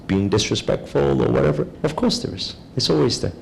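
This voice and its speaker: A man giving a calm, measured spiritual talk, speaking slowly and deliberately as a teacher. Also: medium pitch, creaky, a little hiss or hum, poor audio.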